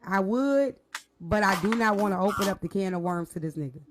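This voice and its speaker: A woman's voice: mid-range voice, lively intonation, brisk, background noise. A woman hosting a casual chat, slangy and profane, laughing nervously as she talks. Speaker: podcast host.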